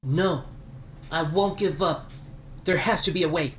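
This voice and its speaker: A defiant young hedgehog hero. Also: male voice, on the high side, unhurried, a bit bright, slight background noise. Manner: earnest, defiant. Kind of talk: video game voice acting.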